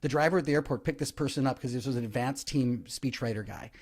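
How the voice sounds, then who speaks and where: A man, a comedian guest on a podcast, telling stories in an animated way, with frequent restarts. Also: medium pitch, quick pace. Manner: animated storytelling, many restarts. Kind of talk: casual podcast chat.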